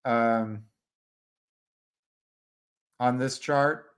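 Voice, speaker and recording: A man hosting a live stream, giving halting, casual commentary on stock charts and talking to his viewers by name. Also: medium pitch, fairly even intonation, smooth. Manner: halting, restarts mid-phrase, talks to viewers by name.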